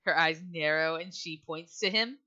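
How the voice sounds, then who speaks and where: A woman's voice: low-pitched, moderate pace, bright, forceful tone, dull audio. A woman running a tabletop game as game master, narrating casually with sighs and fillers.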